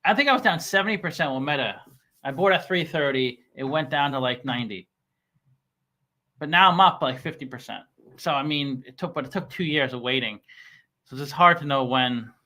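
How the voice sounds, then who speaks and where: A man hosting a casual stock commentary channel, talking with halting restarts and plenty of fillers. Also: mid-range voice, expressive, sharp tone. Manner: reads scam email aloud mockingly. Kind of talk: casual chat.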